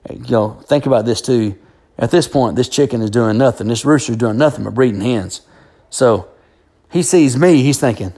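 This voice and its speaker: A man's voice: mid-range voice, normal speed. Rambling man telling a story. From Alabama. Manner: rambling, animated, full of fillers and restarts. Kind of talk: casual storytelling.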